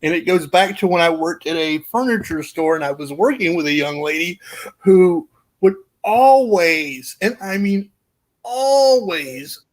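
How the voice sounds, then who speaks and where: A guest storyteller with a higher-pitched voice spins a long, rowdy anecdote at normal speed in casual conversation, animated and laughing along with his own tale.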